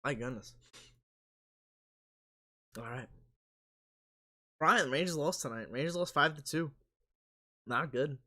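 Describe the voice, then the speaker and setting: A man hosting a live sports stream casually reads viewer comments aloud and answers them as his voice goes hoarse. His pitch is fairly high and his tone sharp, and he speaks slowly with frequent pauses.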